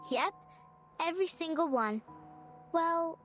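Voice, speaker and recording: A woman voicing a curious, lonely young girl in a game, talking in a soft, earnest way. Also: very high voice, lively intonation, takes it slowly, soft background music, exaggerated voice. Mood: pensive. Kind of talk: game voice acting.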